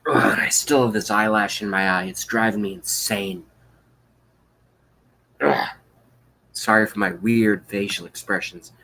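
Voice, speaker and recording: A man's voice: on the low side, steady tone, a little slow, pauses often, pushed and bright, slight background noise, poor audio. A man hosting a livestream, delivering an angry, profane political rant with contempt. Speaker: livestream host.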